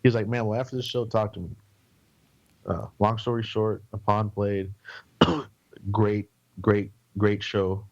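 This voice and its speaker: A man's voice: fairly low pitch, flat delivery, a little slow, lo-fi sound. Rambling man telling tour stories. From San Antonio, Texas. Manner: rambling, swearing, acts out quoted voices. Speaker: podcast guest. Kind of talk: casual storytelling.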